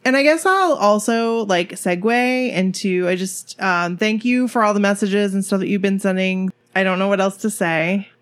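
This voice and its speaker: A woman's voice: mid-range voice, normal speed, hardly any pauses, clear, resonant tone. A woman co-hosting a casual podcast, chatting with a friend. She talks in a loose, self-deprecating way, with plenty of fillers. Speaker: podcast co-host. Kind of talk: casual chat.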